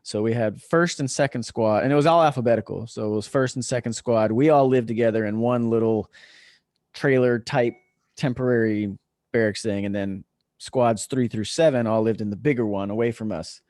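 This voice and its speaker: A retired veteran, appearing as a podcast guest over a remote call, tells stories in a laid-back, casual manner, swearing freely and chuckling as he goes. His mid-range voice is a little mellow and moves at normal speed, with clean, echo-free studio sound.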